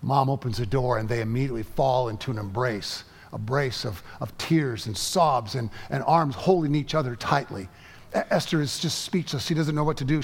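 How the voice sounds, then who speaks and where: A man preaching a sermon, telling a story in a measured way with halting repeats. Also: fairly high pitch, in a large hall. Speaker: pastor.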